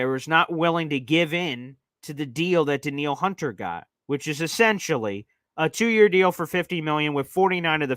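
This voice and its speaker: A man's voice: fairly high pitch, sharp tone, dry recording, clean studio sound. A man hosting a live sports talk stream, speaking emphatically and reading out viewer comments. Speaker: sports show host.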